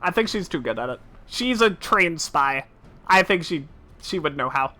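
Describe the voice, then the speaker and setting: Woman streamer, chatty gaming commentary, trails off a lot, bright and forceful tone. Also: low voice, animated, moderate pace. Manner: chatty, laughs often, trails off mid-sentence.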